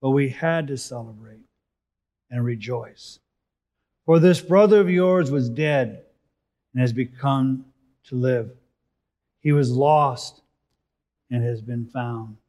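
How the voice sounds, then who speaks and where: A man with a medium-pitched voice preaches slowly, pausing often. He reads scripture and explains it, building to emphasis and then falling to a soft close.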